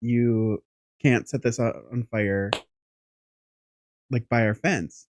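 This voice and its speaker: Casual, animated male podcast storyteller. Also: medium pitch, slow, noisy background. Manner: animated, rambling anecdote with casual swearing. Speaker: podcast co-host.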